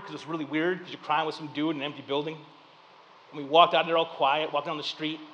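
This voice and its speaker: A man in his thirties preaches to a congregation, his voice high and bright as it rings through a reverberant hall. He tells personal stories with animated energy, swinging between loud punchlines and quiet, reflective moments. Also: slight background noise. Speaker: pastor.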